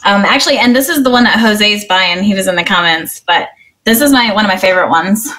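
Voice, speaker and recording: A woman's voice: mid-range voice, fairly quick, bright, forceful tone. A middle-aged woman from Missouri, a guest streamer talking earnestly and cheerfully, with plenty of "um" and "you know" and frequent giggles. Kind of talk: casual interview chat.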